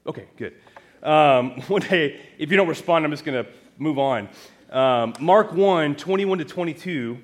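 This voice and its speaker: A male pastor preaching an expository sermon, asking rhetorical questions and swinging from raised emphasis to hushed tones, with light asides to the congregation. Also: on the high side, expressive, measured pace.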